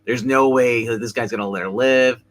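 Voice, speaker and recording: A man's voice: mid-range voice, steady tone, normal speed, low-quality recording. A man casually recapping a TV episode as co-host, rambling with many restarts and fillers. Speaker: show co-host.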